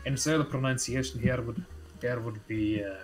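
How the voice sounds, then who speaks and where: Male tabletop game master, mid-pitched, casual narration with plenty of fillers. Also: steady tone, normal speed, faint music behind, rough recording.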